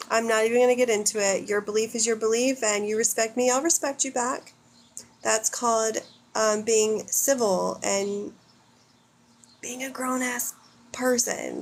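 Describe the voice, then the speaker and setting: A woman's voice: on the high side, gravelly. An American woman in her thirties hosting a casual livestream, reading comments aloud and answering bluntly, with frequent swearing. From United States. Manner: blunt, opinionated, swears freely. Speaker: livestream host.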